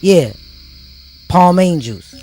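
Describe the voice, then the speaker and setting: A man's voice: high voice, expressive, very slow, warm tone, soft background music. Emphatic, preachy man ranting to viewers. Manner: emphatic, repetitive, street slang. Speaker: vlogger. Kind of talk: preachy motivational rant to viewers.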